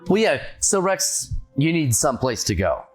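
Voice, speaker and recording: A woman's voice: rumbling low, sing-song, normal speed, breathy edge, soft background music. A woman playing a tabletop game, joking and stammering through casual chat. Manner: jokey, stammers with repeats. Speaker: player.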